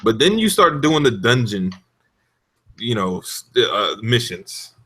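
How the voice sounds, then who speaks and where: A man on a gaming podcast telling animated stories in casual talk, with frequent cursing and loud outbursts. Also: medium pitch, takes it slowly. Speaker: podcast panelist.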